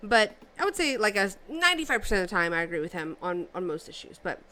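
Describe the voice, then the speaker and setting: A woman's voice: medium pitch, big pitch swings, fast, bright, forceful tone. A woman hosting a casual commentary vlog, reacting to clips in a sarcastic, mocking way. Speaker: channel host.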